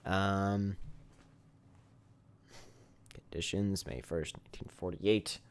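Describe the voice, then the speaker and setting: A man's voice: sits low, steady tone, extremely slow, smooth. A man casually commentating a game stream, reading the on-screen text aloud and joking at his own expense. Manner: self-deprecating, reads game text aloud. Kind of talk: casual let's-play commentary.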